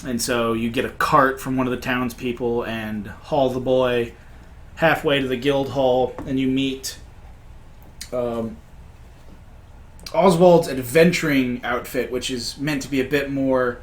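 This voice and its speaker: A man's voice: medium pitch, steady tone, unhurried, slight background noise. A man recapping a tabletop game session as game master, in a casual way with many fillers and restarts.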